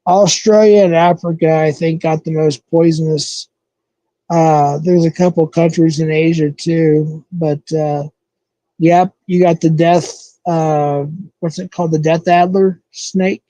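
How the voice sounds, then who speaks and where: His voice is on the high side, steady and mellow, unhurried, on a rough recording without any room sound. A man from the southwestern United States, he hosts a casual live stream, rambling, thinking aloud, and correcting himself as he talks to viewers.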